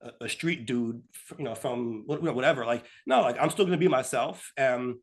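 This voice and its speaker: A man's voice: medium pitch, a little fast. A man co-hosting a political talk show, speaking casually and putting on voices to make his points. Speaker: podcast co-host.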